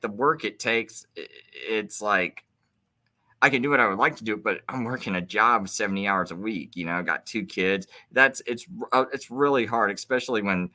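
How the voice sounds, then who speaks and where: A man hosting his own show rants on and on, stumbling through restarts and circling back to his point. His voice is bright and forceful, sitting at an ordinary male pitch. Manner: rambling, many restarts, heated. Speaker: video host. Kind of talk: casual ranting monologue.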